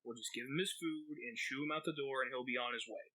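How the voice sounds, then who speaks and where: A man's voice: medium pitch, quick pace, bright, forceful tone, rough recording. A man co-hosting a podcast, telling a rambling, profane story full of fillers. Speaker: podcast co-host. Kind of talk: casual storytelling.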